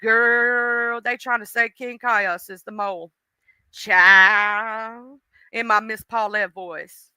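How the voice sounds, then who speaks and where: Bright-voiced chatty woman streamer. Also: mid-range voice, steady tone, moderate pace, hardly any pauses, clean tone, dry recording. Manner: chatty, greets commenters by name, slangy asides. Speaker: livestream host. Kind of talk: casual gossip chat with viewers.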